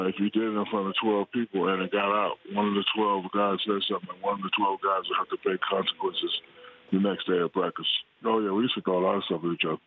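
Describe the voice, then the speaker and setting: A man in his forties calling in to a talk show, chatting in a relaxed, joking way. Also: lowish voice. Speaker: guest. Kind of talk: phone interview. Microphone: phone line. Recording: tinny phone line.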